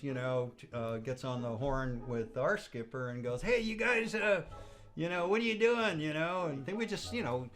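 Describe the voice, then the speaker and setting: Rambling man telling a wild story. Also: mid-range voice. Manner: rambling, full of "you know", animated quoting. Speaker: interviewee. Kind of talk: casual anecdotal storytelling.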